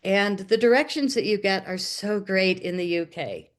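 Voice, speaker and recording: At a moderate pace and in a mid-range voice, an American woman who makes documentaries shares a personal story as an interview guest. She keeps it casual and animated, giving voice to the quoted dialogue of the people involved.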